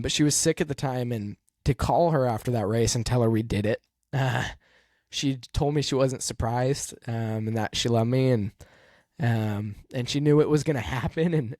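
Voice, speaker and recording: Guy with a mid-range voice hosting his podcast, halting, lots of ums, earnest, dry close sound. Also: mid-range voice, no echo. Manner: halting, soft-spoken, many pauses and fillers; emotional, earnest. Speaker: podcast host and race car driver. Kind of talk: reflective personal storytelling.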